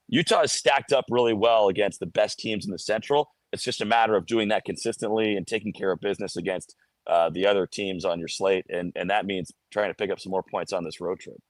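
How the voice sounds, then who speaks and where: A man's voice: fairly low pitch, dry recording. A man, a hockey radio broadcaster, calling in to break down his team's standings in a casual analytical way. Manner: analytical, talks through stats with restarts. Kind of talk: sports radio phone-in analysis.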